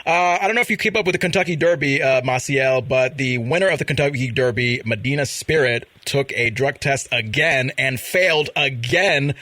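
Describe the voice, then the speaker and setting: A man hosts a podcast from a Vermont studio, reading news items and chatting about celebrity gossip with frequent laughter. His mid-range voice is bright and forceful, at normal speed with hardly any pauses, and there's no room sound.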